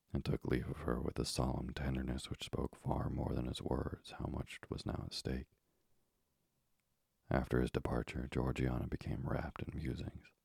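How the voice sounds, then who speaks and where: A man narrating a bedtime sleep story in a slow, soothing, breathy whispered role-play. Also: very deep voice, dark tone, no echo, clean studio sound.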